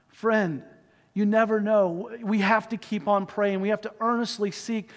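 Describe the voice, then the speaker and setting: Earnest high-voiced pastor in a reverberant church. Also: male voice, fairly even intonation, measured pace. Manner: earnest, emotive retelling with shifting pace. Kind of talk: sermon storytelling and closing prayer. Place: church sanctuary.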